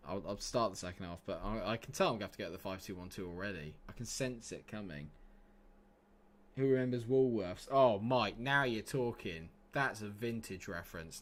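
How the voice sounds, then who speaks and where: A man's voice: lowish voice, moderate pace. A young man streaming a football management game, chatting with viewers and breaking into exasperated outbursts. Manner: banter with chat, sudden exasperated outbursts. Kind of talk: casual livestream commentary.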